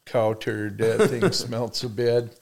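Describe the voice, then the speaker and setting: Middle-aged male guest, gravelly, folksy storyteller. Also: medium pitch, level tone, measured pace, darkish tone. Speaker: family guest. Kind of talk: casual storytelling chat.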